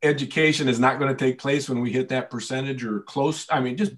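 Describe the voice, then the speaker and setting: A man's voice: mid-range voice, steady tone, brisk. A school board member, a man with an ordinary mid-range voice, asks questions at a public meeting. He talks earnestly, with loosely worded, wandering phrasing.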